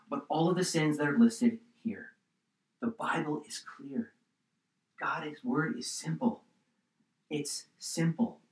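A man preaching a sermon as pastor, passionate and swinging between loud emphasis and quiet appeals. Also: on the high side. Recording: roomy echo, distant mic.

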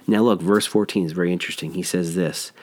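Low-voiced man teaching the Bible. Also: fairly even intonation, fast, darkish tone. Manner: conversational, explains verse by verse with restarts.

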